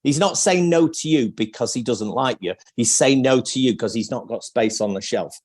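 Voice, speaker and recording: A man's voice: medium pitch, moderate pace, a little mellow. A man speaking on a live video call as an interview guest, thinking aloud with restarts and acting out sales lines.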